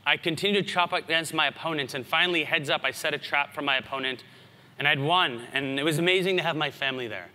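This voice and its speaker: A man in his thirties tells anecdotes from the stage of a big conference hall, and the voice rings back with a long reverb. His tone is very bright and forceful, a bit high for a man, and he keeps the talk lively with asides to the crowd. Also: fast talker. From United States. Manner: animated anecdotal storytelling with asides. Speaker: conference speaker. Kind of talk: storytelling keynote talk.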